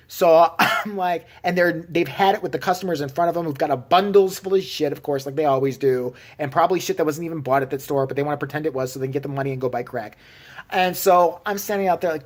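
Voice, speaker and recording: A man's voice: a little high, fairly quick, darkish tone. A man from Chicago telling a story in a sarcastic, profane rant for his vlog. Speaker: vlogger. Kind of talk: ranting storytelling.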